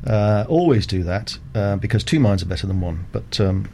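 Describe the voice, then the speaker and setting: A middle-aged man, a cricket umpire guest on a radio interview, explaining rules in a measured, methodical way with frequent ums and uhs. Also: lowish voice, expressive, warm tone, slight background noise.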